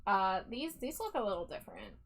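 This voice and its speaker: A woman's voice: medium pitch, big pitch swings, brisk. A woman hosting a casual stream, reading out toy bios and ranting bluntly and sarcastically, with some swearing. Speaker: streamer host.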